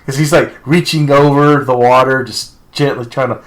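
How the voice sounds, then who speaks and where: A man's voice: medium pitch, steady tone, moderate pace. Male co-host, casual podcast chatter, rambling delivery with frequent self-corrections and laughs. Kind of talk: casual chat.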